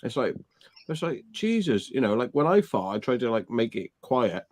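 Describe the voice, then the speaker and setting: A man's voice: mid-range voice, very animated, moderate pace, darkish tone, no room sound. A man co-hosting a livestream chat, telling crude stories in a rambling way with lots of fillers. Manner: rambling, full of fillers and swearing. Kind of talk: casual anecdote-telling chat.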